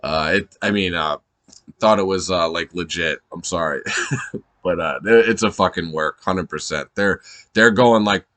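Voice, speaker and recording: Man, low-ish voice, rambling, profane, laughing often, a little high, dry close sound. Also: normal speed, fairly bright tone, no echo. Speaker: wrestling fan vlogger. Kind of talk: off-the-cuff excited commentary.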